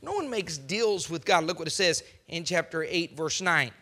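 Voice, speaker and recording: A male preacher delivers a sermon with emphatic, pointed delivery. He keeps putting rhetorical questions to his listeners. His voice sits high and rings very bright and forceful. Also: animated, normal speed.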